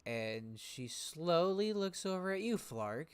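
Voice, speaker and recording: Slow-paced male game master. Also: a little high, clean tone. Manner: slow, relaxed narration with pauses. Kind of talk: narrating a tabletop game.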